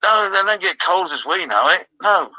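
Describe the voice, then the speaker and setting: Bright man spinning tall tales. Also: sits high, lively intonation, normal speed, dry recording, rough recording. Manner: rambling tall tales told matter-of-factly. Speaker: comedy guest. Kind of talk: absurd comedic storytelling.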